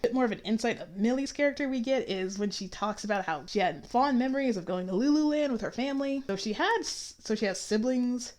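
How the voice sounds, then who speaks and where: A woman giving an opinionated, chatty review with sarcastic asides. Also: a little high. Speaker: YouTube reviewer. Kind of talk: casual review commentary.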